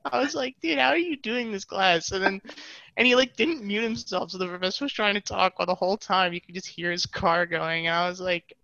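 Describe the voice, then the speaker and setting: Here's a young man chatting on a podcast, his voice bright and forward, rambling through a story and slipping into quoted voices. He sounds close and dry, with dull, lo-fi call audio. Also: high-pitched, steady tone, fairly quick, creaky, dry recording. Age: young adult. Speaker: podcast co-host. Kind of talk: casual storytelling. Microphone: video call.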